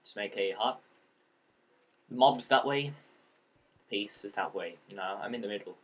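A man's voice: lowish voice, moderate pace, slightly rough. A man giving casual let's-play commentary, rambling and joking and talking to the creatures in the game as he plays. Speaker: gameplay commentator.

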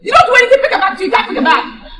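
A woman with a Nigerian accent playing a scornful wife who shouts insults at her jobless husband in public, in a movie. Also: very high voice, big pitch swings, rapid-fire, crowd noise. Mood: scolding. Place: outdoors in public.

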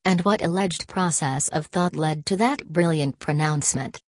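A woman reading a sarcastic, forceful male leader. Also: a little high, normal speed, dry recording, studio quality, natural voice. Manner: biting, mocking sarcasm. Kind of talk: audiobook character reading.

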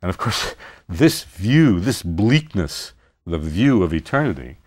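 Animated male literature lecturer. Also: low-pitched, takes it slowly. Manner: animated and expressive, with rhetorical questions.

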